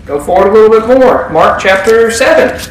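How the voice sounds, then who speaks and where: High-voiced preacher in a very echoey church. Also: male voice, expressive, a little fast, distant mic, a little hiss or hum. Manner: conversational, asks the congregation questions. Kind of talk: sermon. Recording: very echoey room.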